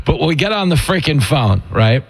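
A man hosting a talk radio show, chatting fast and telling self-mocking jokes and stories. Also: on the high side, very animated, slightly rough. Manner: quick, joking, self-mocking storyteller. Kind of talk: casual talk radio chat.

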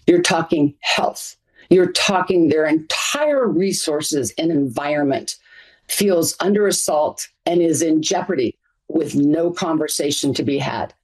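A woman's voice: deep voice, animated, measured pace, a little mellow, husky, poor audio. A middle-aged woman advocate answering interview questions earnestly, stacking up points in lists. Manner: earnest, emphatic, piles up lists. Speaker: interview guest, community advocate.

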